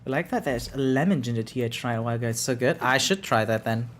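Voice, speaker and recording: German-accented guy, live-stream gamer, rambly chat, mid-pitched voice. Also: fast, fairly bright tone. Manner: rambling, chatty, frequent "right?" tags. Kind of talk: casual live-stream chat while gaming.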